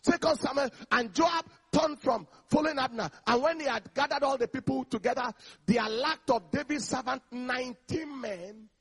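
A man preaching an energetic sermon, emphatic and calling for responses from the congregation. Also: very high-pitched, moderate pace, few pauses, husky, faint music behind.

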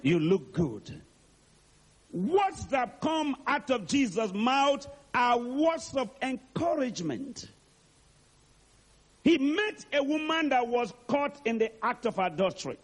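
A man's voice: very high voice, husky. A man preaching a sermon. He is dramatic and asks the congregation to answer back. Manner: dramatic, calls for responses.

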